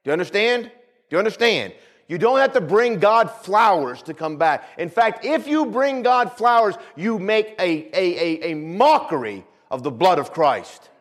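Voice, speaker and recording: A man preaches a sermon, his slightly high voice swooping up and down. He hammers points home by repeating them and keeps asking the congregation for an amen. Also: lively intonation, normal speed. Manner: preaching with rising and falling emphasis, repeats phrases, calls for amens. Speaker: pastor.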